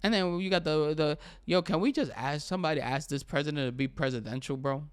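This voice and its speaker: A young man hosts his own podcast, delivering casual solo commentary in an emphatic way and saying "bro" often. His voice is a little high and clean in tone, with a quick pace, captured in a dry recording.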